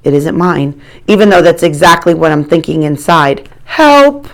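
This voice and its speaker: A woman narrates a first-person story as an audiobook. Her voice sits a little low, and she reads with wry, expressive timing. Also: moderate pace, vocal fry.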